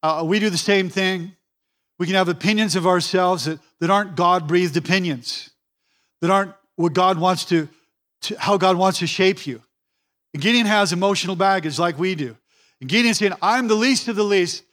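Man, pastor, high-pitched voice, emphatic sermon, repeats phrases, acts out quoted voices. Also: normal speed, fairly bright tone.

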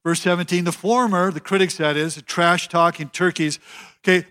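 A man's voice: high-pitched, fairly even intonation, normal speed, sharp tone, smooth. A male pastor preaching a sermon in a conversational, emphatic way, often repeating his phrases.

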